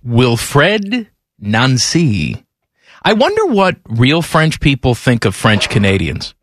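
A man's voice: medium pitch, wildly swooping pitch, normal speed, fairly bright tone, breathy edge. A man hosting a sports radio show, joking and bantering casually. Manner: playful, joking.

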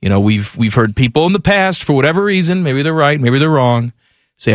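A male sports radio host with a fairly high voice, blunt and opinionated as he rants. The sound is close and dry from a studio microphone. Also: lively intonation, fairly quick, no echo. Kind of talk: casual sports talk.

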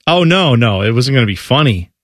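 A man co-hosting a radio show, joking and sarcastic with quick comebacks in casual banter. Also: mid-range voice, sing-song, dry recording, studio quality.

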